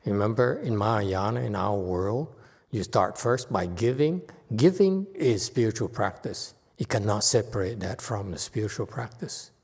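A man's voice: fairly low pitch, animated, normal speed, vocal fry, a little mellow, husky. A man, a Buddhist monk, giving an informal dharma talk in short broken phrases and laughing often. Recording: reverberant hall.

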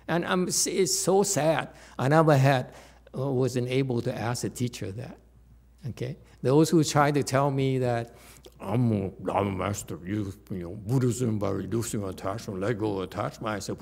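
A man as a Buddhist teacher giving a dharma talk, rhetorical and animated, with many fillers and restarts. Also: mid-range voice, moderate pace, vocal fry.

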